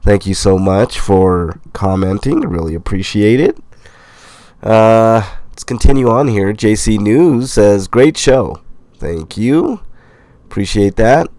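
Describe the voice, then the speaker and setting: A middle-aged man with a low voice that is nasal and congested from a cold chats through viewer comments on his livestream. He talks in a relaxed, rambling way, full of fillers. The sound is dry and close. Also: slow pace, no echo. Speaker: host. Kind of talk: casual livestream chat reading comments.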